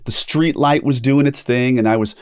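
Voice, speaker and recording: A middle-aged man hosting a ministry podcast, telling a personal story with animated delivery and acted-out quotes. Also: medium pitch, normal speed, smooth, dry recording, clean studio sound. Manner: animated storyteller, acts out quoted voices, repeats words. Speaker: podcast host and pastor.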